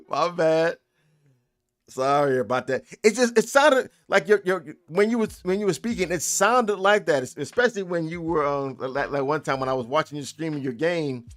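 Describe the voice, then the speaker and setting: A man chats casually on a live dev stream, reading and answering chat with loose humor and frequent laughter. He's a game developer streamer whose slightly high, somewhat bright voice is expressive and moves at a moderate pace.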